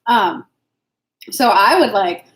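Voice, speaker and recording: A woman's voice: mid-range voice, expressive, slow, reverberant, low-quality recording. A woman hosting a live stream as an intuitive reader, giving frank, casual advice and answering viewers' questions by name, swearing now and then.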